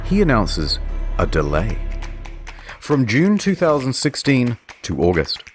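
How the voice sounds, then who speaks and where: A man's voice: mid-range voice, huge pitch swings, unhurried, faint music behind. A man narrating a comedic documentary in a dry, sardonic storytelling manner.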